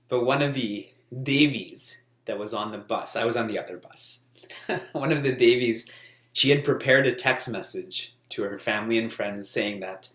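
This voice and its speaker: A lively man teaching in an echoey room. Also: mid-range voice, measured pace. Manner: lively, laughing storyteller. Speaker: spiritual teacher. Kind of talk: spiritual talk.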